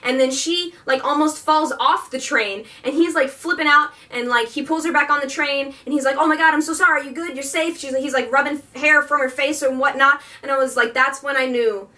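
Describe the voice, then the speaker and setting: A woman's voice: sits high, steady tone, normal speed, hardly any pauses, bright, forceful tone, recorded from a distance. A young woman chatting about a book she loves, rambling and gushing with lots of filler words. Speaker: book vlogger. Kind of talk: casual book review chat.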